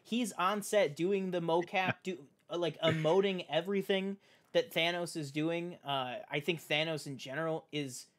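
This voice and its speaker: A man hosting a podcast, chatting casually about films with animated, profane talk full of "like". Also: fairly high pitch, moderate pace. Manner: animated, profane, heavy use of "like". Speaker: podcast host. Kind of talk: casual film chat.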